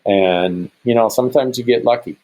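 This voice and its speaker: A middle-aged man from Montana, a hunter guesting on a podcast, telling a story in an animated way and acting out what others said. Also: medium pitch, moderate pace, poor audio. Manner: animated, acts out quoted speech in a raised voice.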